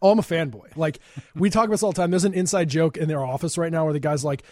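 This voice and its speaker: A talk-show host from the Chicago suburbs who jokes and rambles his way through casual chat, laughing often. His voice sits a bit high for a man. The sound is close and dry, with no room around it. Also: rapid-fire, no echo. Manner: joking, rambling, laughs a lot.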